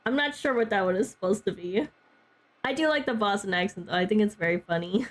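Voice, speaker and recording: A woman's voice: mid-range voice, fast talker. A young woman streaming a game, chatting casually with her chat and peppering her talk with "like" and little laughs. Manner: chatty, heavy use of "like", frequent laughs.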